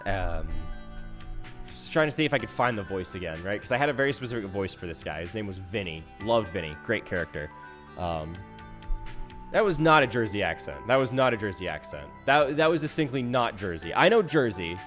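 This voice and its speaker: A man streaming a game live, talking casually in a rambling, self-interrupting way full of restarts, swinging from soft mumbles to loud outbursts. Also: lowish voice, expressive, brisk, faint music behind. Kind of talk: casual live-stream chat while gaming.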